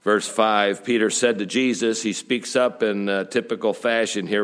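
A middle-aged man preaches a sermon, telling stories with joking asides. His delivery is lively, mixing quiet remarks with emphatic turns. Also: fairly low pitch, moderate pace, hardly any pauses, clear, resonant tone. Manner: lively storytelling with jokes and asides. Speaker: pastor.

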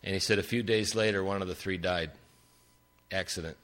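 An older man preaching a sermon, telling stories with big swings in pitch for emphasis. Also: fairly even intonation, fairly quick, fairly bright tone.

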